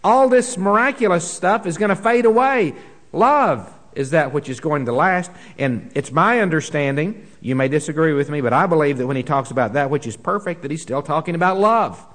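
Earnest preacher, slightly high voice. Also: male voice, animated, fairly quick, few pauses. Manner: earnest preaching with wide swings between emphatic and hushed delivery; repeats words as he restarts. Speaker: pastor. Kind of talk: sermon.

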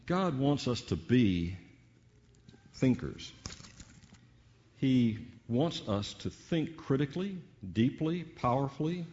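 A man delivering a sermon at a middling pitch, leaning hard on single words and letting pauses hang between his rhetorical questions. The sound is a little dull and muffled. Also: big pitch swings, a little mellow. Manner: teacherly, varied emphasis with drawn-out pauses and rhetorical questions. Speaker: preacher.

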